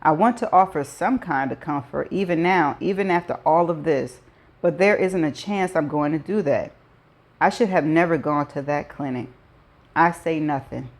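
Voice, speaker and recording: Woman host, low voice, reads a first-person novel aloud with chatty asides. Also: moderate pace. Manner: adds her own chatty asides.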